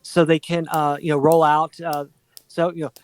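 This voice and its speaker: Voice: mid-range voice, level tone, normal speed. A co-host of a craft show who reads out viewer comments and explains things, with lots of hesitant fillers. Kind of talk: casual chat.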